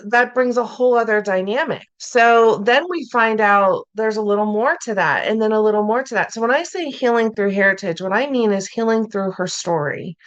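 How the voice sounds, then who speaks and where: A woman's voice: fairly high pitch, fairly quick, few pauses, dull audio. A woman mental health clinician, a podcast guest, answering in an emphatic storytelling way and repeating her key phrases.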